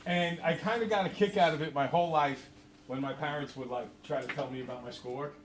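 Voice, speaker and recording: A man teaching math tells a story to his class in a chatty, animated way, his voice sitting a bit high. He is picked up from across an echoey classroom, with faint room noise behind him. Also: fast, distant mic. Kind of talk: classroom lecture with stories.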